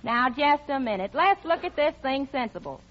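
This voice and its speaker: A woman's voice: high-pitched, expressive, normal speed. An actress playing a naive, brash young hillbilly girl with a folksy twang in 1940s radio comedy. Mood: triumphant. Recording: dull old radio recording.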